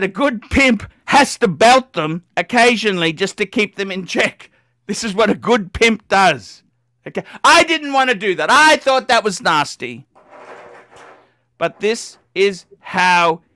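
A man hosting a live stream, ranting and swearing at callers, bursting into shouts. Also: high-pitched, dry recording, clean studio sound. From Australia. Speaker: livestream host.

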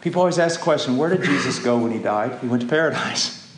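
Impassioned preacher in an echoey church. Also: male voice, medium pitch, lively intonation, fast talker, a little hiss or hum. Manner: impassioned, rising to loud pleading peaks. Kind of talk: sermon. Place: church hall. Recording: echoey church with faint ambience.

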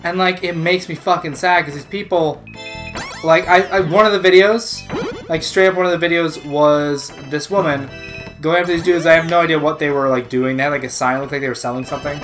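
A man's voice: a little high, fairly even intonation, fairly quick, a bit bright. Rambling, profane male co-host. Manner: rambling, profane, full of "like" fillers. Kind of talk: casual chat. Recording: background music.

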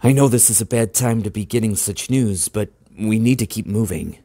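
Man voicing an earnest loyal young man, audiobook, reassuring, deep voice, dry sound. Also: normal speed, warm tone, no echo. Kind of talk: audiobook character voice.

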